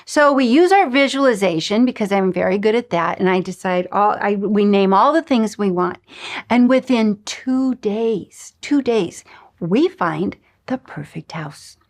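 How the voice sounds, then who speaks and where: A middle-aged woman giving a spiritual lesson, an animated storyteller who acts out the dialogue in her own stories. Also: mid-range voice, normal speed, hardly any pauses. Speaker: spiritual teacher. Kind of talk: recorded lesson with personal stories.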